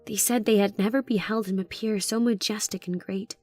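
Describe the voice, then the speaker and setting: A woman reading as a calm, reverent male witness. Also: medium pitch, fairly quick, faint music behind, close to an everyday voice. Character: calm male witness describing his master.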